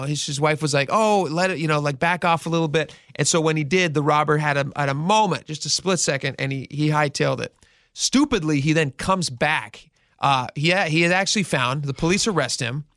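A man with a fairly high, bright voice spins a news story on talk radio and acts out every quote. The sound is close and dry, with no room around it. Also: brisk, dry recording. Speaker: radio show host.

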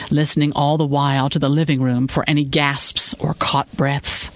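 Brief: male narrator for a fiction podcast, slightly higher voice, measured and even. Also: poor audio.

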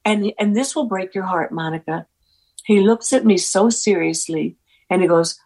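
A woman's voice: medium pitch, normal speed, husky, rough recording. A woman guest in an interview, telling faith stories earnestly and acting out the people she quotes. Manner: earnest, animated storyteller acting out quoted dialogue. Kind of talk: faith-focused interview storytelling.

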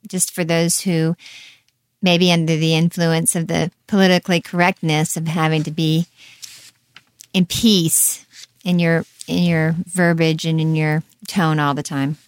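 A woman hosting a radio talk show, calmly putting questions to her guest. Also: deep voice, a little slow, clear, resonant tone, dry recording.

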